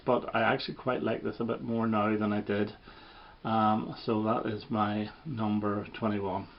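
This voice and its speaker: A man casually ranking records, relaxed and hesitant, with plenty of fillers and restarts. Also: mid-range voice, muffled recording. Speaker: record collector vlogger.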